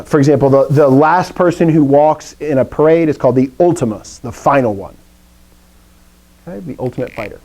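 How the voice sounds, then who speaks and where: A man's voice: on the high side, darkish tone, rough recording. A man from the American South teaching a Greek class, chatty and playful, with lots of asides. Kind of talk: classroom lecture.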